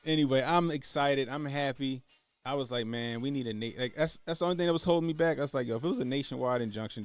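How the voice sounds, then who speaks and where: A man hosting a casual livestream, talking animatedly with lots of swearing and laughter while answering his chat. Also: medium pitch. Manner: animated, profane, laughing, reading chat aloud. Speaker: livestream host.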